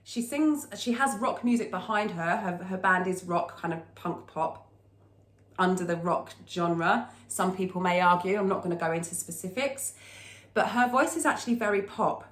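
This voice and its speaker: A woman's voice: fairly low pitch, normal speed, echoey room. A woman teaching a singing lesson, explaining technique and breaking into short sung demonstrations.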